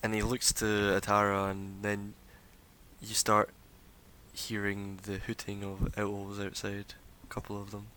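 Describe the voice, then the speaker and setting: A man narrating as game master, describing scenes in a relaxed way with fillers. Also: on the low side, measured pace, a little hiss or hum, poor audio.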